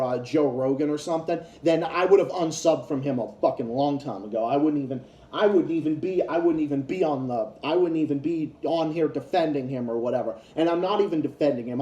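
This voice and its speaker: A man's voice: fairly high pitch, mellow, reverberant. A man ranting in a casual commentary vlog, heated and profane, often restarting his sentences. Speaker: YouTube commentator.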